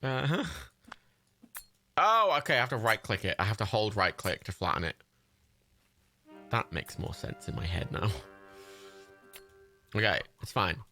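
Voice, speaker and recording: A man's voice: lowish voice, animated, measured pace, long pauses, pushed and bright, faint music behind. A young man chatting casually while playing a building game, often confused, laughing and swearing. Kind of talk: casual gameplay chat.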